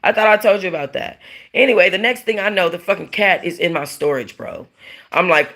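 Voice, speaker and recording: A woman's voice: fairly low pitch, brisk, fairly bright tone. A woman hosting a casual livestream, talking bluntly to her chat, rambling and swearing freely. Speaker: livestream host.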